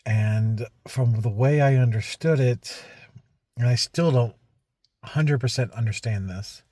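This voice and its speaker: A man's voice: mid-range voice, a little slow, dark tone, no echo, studio quality. A man talking casually to camera in a rambling vlog, recounting a frustrating week with many restarts and asides. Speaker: vlogger.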